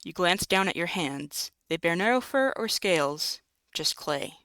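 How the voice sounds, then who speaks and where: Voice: mid-range voice, expressive, measured pace, pushed and bright, clear, resonant tone, dry recording, low-quality recording. A host reading a text-based game aloud, breaking in with wry jokes and asides. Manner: wry, jokey, self-interrupting. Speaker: narrator and let's-play host.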